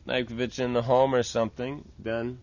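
A man's voice: mid-range voice, little pitch movement, moderate pace, a little mellow, highs cut off. A man teaching the steps of a temple worship ritual, explaining patiently and often checking with "right?". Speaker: religious teacher. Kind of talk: instructional talk on temple worship.

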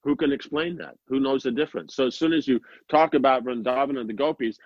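A man's voice: mid-range voice, quick pace, dry recording. A man, a sannyasi teacher, giving an informal spiritual talk, rambling with many fillers and restarts and quoting others in mock voices. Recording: dry, muffled lo-fi sound.

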